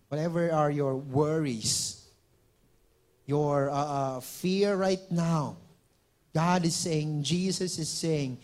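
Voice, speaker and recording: A man with a Filipino accent preaching a sermon as pastor, moving from loud emphatic declarations to soft, intimate talk. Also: on the high side.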